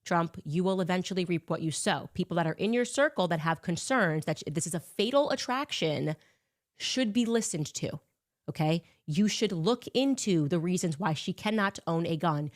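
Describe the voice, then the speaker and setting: A woman with a notably low voice speaks in a combative, accusatory way, laying out a pointed statement. The sound is close and dry, with no room around it. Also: expressive, normal speed, dry recording. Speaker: commentator. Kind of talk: recorded statement.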